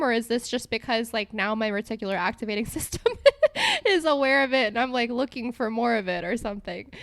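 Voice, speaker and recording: A woman's voice: fairly high pitch, dry recording. Young woman, podcast host, casual chat, giggly, filler-heavy, dry close sound. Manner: chatty, giggly, lots of "like" fillers. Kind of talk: casual solo podcast talk.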